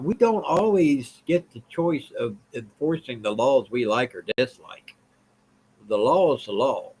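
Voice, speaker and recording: A man's voice: medium pitch, lively intonation, unhurried, a little mellow, slightly rough, poor audio. A man hosting a political live stream, talking bluntly, repeating himself and answering viewers' comments. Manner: blunt, repetitive, reads and answers chat.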